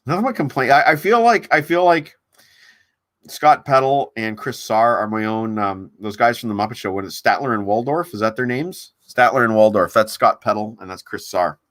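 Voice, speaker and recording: A man hosting a casual livestream, rambling with halting restarts and reading viewer comments aloud. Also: mid-range voice, a bit bright, no echo. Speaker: livestream host. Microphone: desk mic on a laptop stream.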